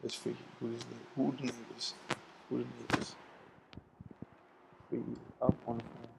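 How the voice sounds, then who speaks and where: A young man rambling loosely and profanely at home at night, drifting between loud talk and whispers, recorded on a laptop mic. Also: mid-range voice, completely flat delivery, moderate pace, gravelly, heavy background noise. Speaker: vlogger. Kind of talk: rambling casual vlog. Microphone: laptop built-in mic.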